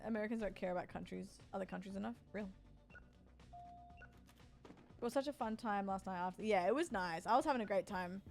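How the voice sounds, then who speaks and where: A woman in her forties with an Australian accent and a fairly high voice chats casually with her stream viewers. She teases and jokes as she reads and answers chat. Soft music plays faintly behind her. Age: 40s. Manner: playful, teasing banter, answering chat.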